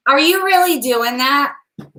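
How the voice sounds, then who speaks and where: A woman's voice: sits high, animated, normal speed, bright, forceful tone, poor audio. A woman co-hosting a casual chat show, easygoing and teasing. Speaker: podcast co-host.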